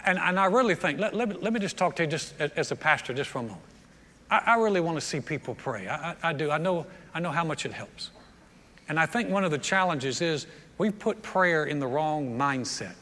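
A man preaching a sermon as a pastor, animated, repeating words and acting out prayers. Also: on the high side, a little fast, big-room sound.

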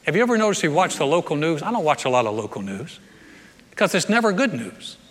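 A man preaching a sermon as a pastor, telling the story in a lively way with repeated words and joking asides. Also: a little high, fast. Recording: echoey hall reverb.

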